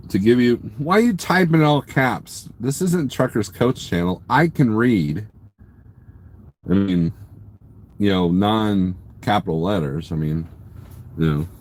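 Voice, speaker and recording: A man's voice: lowish voice, unhurried, a little mellow. A man live-streaming from his parked truck at a truck stop, casually rambling, joking and teasing viewers as he reads their comments. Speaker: trucker livestreamer.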